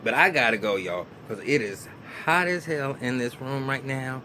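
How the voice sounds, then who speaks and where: A man's voice: mid-range voice, animated, normal speed, pushed and bright, a little hiss or hum. A man rambling through a casual recap of a reality show in a small room, repeating words and acting out quotes. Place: small hot room under a bright light.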